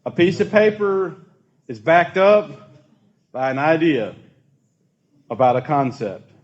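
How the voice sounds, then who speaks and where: Man, youth group leader, casual church talk, slightly high voice, lo-fi recording. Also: slow pace. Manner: chatty, asks the group questions.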